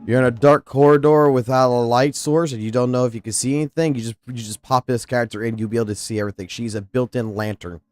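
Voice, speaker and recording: A man's voice: mid-range voice, fast, few pauses, soft background music. A man live-streaming a game and chatting casually with viewers, talking loosely and swearing often. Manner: casual, profane, excitable. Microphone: studio mic through a mixing station.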